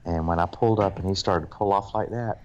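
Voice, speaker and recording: Man, very low voice, podcast co-host, casual storytelling, profane, rambling. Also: quick pace, darkish tone, highs cut off, slight background noise. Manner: rambling, profane anecdote-telling. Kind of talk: casual storytelling among friends.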